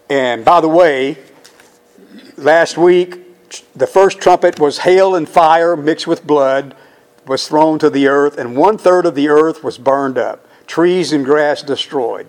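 Speaking in a fairly high voice, a man teaches the Bible verse by verse. His style is emphatic and conversational, and he often throws questions to his listeners.

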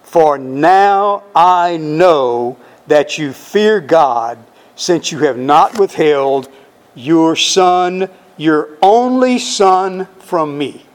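A man preaching a sermon, reading scripture aloud and explaining it with drawn-out, emphatic stresses on key words. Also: fairly high pitch, animated.

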